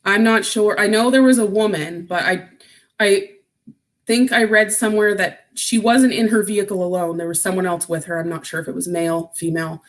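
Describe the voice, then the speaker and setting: A woman's voice: mid-range voice, fairly even intonation, a little fast. A woman chatting casually on a livestream, reading out and answering viewer comments, getting emotional and close to tears. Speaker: vlogger.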